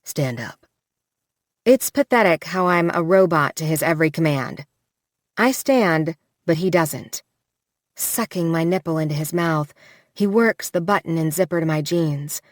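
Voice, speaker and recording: A woman narrating a first-person romance audiobook in an intimate, measured way, close to the mic. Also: low voice, no room sound. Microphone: close studio mic. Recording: dry studio recording.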